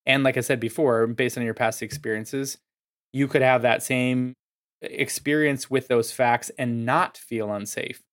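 A man's voice: medium pitch, fairly even intonation, unhurried, a bit bright. A man hosting a solo podcast, explaining ideas in a casual way with lots of filler words. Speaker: podcast host.

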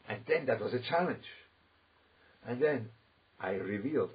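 Husky man. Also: lowish voice, expressive, normal speed, highs cut off. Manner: rambling, emphatic, full of asides and quoted voices. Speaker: rabbi giving a talk. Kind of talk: informal religious talk.

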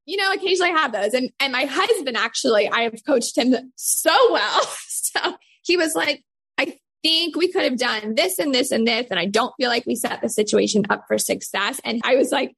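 A woman's voice: a little high, lively intonation, brisk, a bit bright, slightly rough. A woman in her thirties, a parenting coach, chatting casually and filling her speech with "like". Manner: chatty, many fillers like "like". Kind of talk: casual chat.

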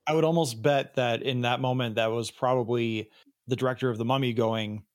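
A man co-hosting a podcast, chatting casually and getting animated when he mocks bad film lines. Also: medium pitch, fairly quick. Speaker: podcast co-host. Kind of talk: casual chat.

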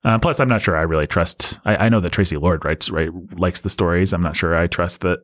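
A man's voice: deep voice, fairly quick, a bit bright, no room sound, studio quality. A man co-hosting a casual movie discussion, wry and sarcastic, often laughing as he talks. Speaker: podcast co-host.

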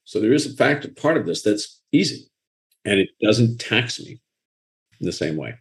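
A man with a Boston accent, an author talking frankly and with animation in a casual interview. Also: on the low side. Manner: frank and animated, quick asides and laughter.

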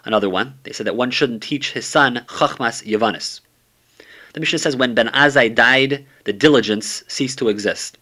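A man's voice: medium pitch, moderate pace, sharp tone. A man teaching a summary of a Talmud page, reading steadily and using many Hebrew and Aramaic terms.

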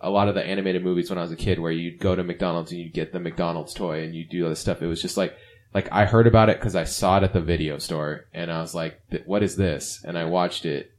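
Fast-talking deep-voiced man. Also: steady tone. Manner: rambling, lots of "like". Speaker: podcast co-host. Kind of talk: casual chat.

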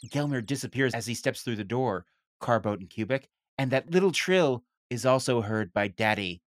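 A man's voice: mid-range voice, expressive, moderate pace, slight background noise. A man narrating a comedy tabletop game as the game master.

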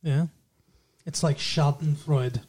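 A man's voice: fairly high pitch, fairly even intonation, slow, darkish tone, husky. A man co-hosting a podcast in casual, teasing chat with his fiancée, chuckling often. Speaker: podcast co-host.

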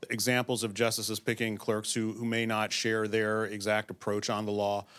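A man's voice: on the low side, little pitch movement, moderate pace, a bit bright, clear, resonant tone. A man in the audience asking a long, hesitant question with many fillers.

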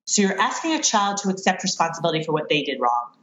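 A woman's voice: lowish voice, sing-song, fast, fairly bright tone. A woman in a conversation, earnestly explaining parenting strategies and laughing at her own mistakes. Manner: earnest, self-deprecating, laughs at herself. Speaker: parenting expert guest. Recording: roomy, dull lo-fi sound.

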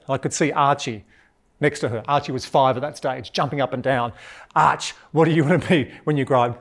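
An Australian man giving a live keynote in a large hall, joking and energetic as he talks with the audience. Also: mid-range voice, a little fast. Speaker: keynote speaker.

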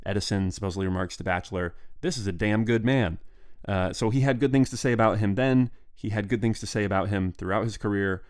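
Lowish-voiced man hosting a history podcast. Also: quick pace, hardly any pauses, clean tone. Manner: casual, musing, with restarts and asides. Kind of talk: solo podcast narration.

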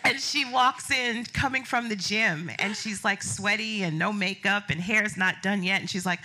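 A middle-aged woman telling a business story live on stage, animated, acting out quotes and laughing often. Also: medium pitch, moderate pace, few pauses.

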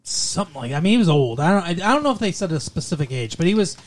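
A man's voice: on the high side, very animated, rapid-fire. Man, casual podcast chat, joking, rambling, laughs a lot. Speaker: podcast co-host.

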